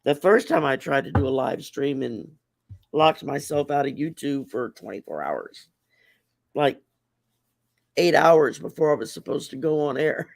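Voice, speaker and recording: A Southern woman with a mix of Texas drawl and Cajun in her speech, hosting a relaxed livestream chat. Her voice is rough and gravelly with a husky edge, and it leaps around in a high, lively range. She keeps things folksy and chatty. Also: a little slow, no room sound. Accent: Southern US Gulf Coast, Texas drawl and Cajun blend. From Louisiana, US Gulf Coast. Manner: chatty, laughs often, folksy. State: teary-eyed from allergies. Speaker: livestream host.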